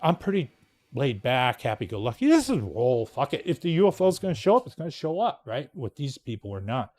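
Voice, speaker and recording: A man's voice: medium pitch, very animated, brisk, a little mellow. A male podcast host telling a story in a casual, rambling monologue, blunt and swearing freely.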